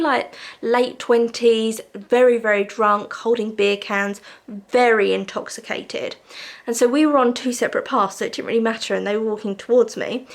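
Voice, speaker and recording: A woman talking casually to camera in a vlog, shaken and a little tearful, chatting with lots of fillers. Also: fairly high pitch. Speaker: vlogger.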